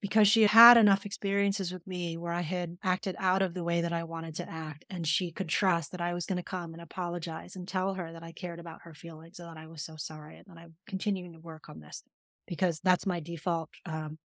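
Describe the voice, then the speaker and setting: A woman's voice: fairly low pitch, little pitch movement, a little fast, fairly bright tone, dry recording, studio quality. A middle-aged woman therapist speaking earnestly and emphatically as a podcast guest, telling stories and explaining. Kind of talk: conversational podcast interview.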